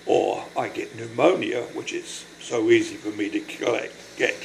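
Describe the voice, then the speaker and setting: Older man, low gravelly voice, halting and apologetic, short of breath, personal video diary with faint hum behind. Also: rough recording. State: breathless from lung illness. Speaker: vlogger.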